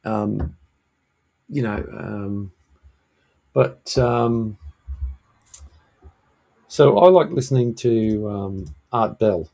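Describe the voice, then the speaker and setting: Low, gravelly man host, husky, halting casual chat. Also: warm tone. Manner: hesitant, lots of ums and restarts. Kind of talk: casual live-stream chat. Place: home shed.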